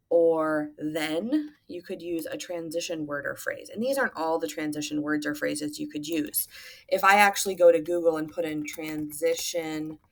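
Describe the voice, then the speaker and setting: A woman teacher walks her students through a recorded screen lesson, her voice sitting a little low. She talks patiently and plainly, often pausing on filler sounds as she explains each step. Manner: patient, instructive, many fillers.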